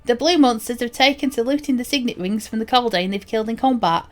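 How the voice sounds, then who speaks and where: A woman voicing a vengeful fantasy warrior, with a put-on accent and slow, emphatic delivery. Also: fairly high pitch, close to an everyday voice. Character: vengeful stout warrior of a dwarf-like folk.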